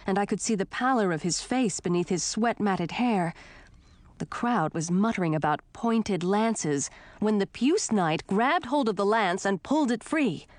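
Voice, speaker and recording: Female audiobook narrator, measured and steady, dry close sound. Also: mid-range voice, no echo. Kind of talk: scripted narration.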